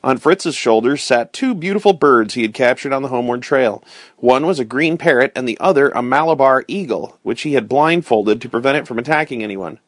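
Male storyteller, first-person read-aloud, steady and clear, dry close recording. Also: medium pitch, fairly quick, dry recording. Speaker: narrator.

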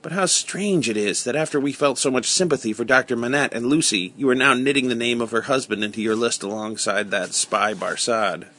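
A man's voice: mid-range voice, fairly quick, few pauses, sharp tone. A man reading aloud and voicing a cautious, uneasy male wine-shop keeper with short, careful answers.

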